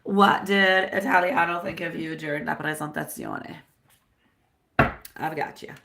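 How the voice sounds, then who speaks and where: A woman's voice: deep voice, steady tone, unhurried, vocal fry, sharp tone. A woman doing a live-stream tarot reading, chatty and affectionate, dropping Italian phrases as she answers viewers. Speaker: tarot reader.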